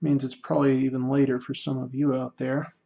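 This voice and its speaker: A man's voice: medium pitch, level tone, fairly quick, creaky, dark tone. An American man chatting on a livestream while he draws, joking and mocking himself, rambling with restarts. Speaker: streamer drawing while chatting. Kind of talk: casual livestream chat. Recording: dull lo-fi stream audio.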